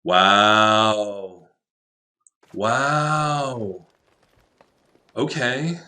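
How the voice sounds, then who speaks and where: A man giving casual commentary on his own card game, thinking out loud, laughing often and swearing now and then. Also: lowish voice, fairly even intonation, very slow. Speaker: Magic Arena drafter, channel host.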